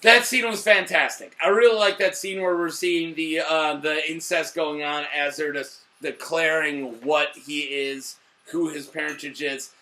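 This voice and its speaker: A young man hosting a casual TV review, a little drunk, excitable and swearing, bursting into shouts. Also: a little high. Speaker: show host reviewing TV.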